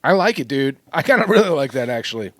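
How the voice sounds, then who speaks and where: A man's voice: medium pitch, very animated, fast, fairly bright tone, no room sound. A man co-hosting a podcast in easygoing, playful chat, often laughing. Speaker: podcast co-host. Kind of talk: casual chat.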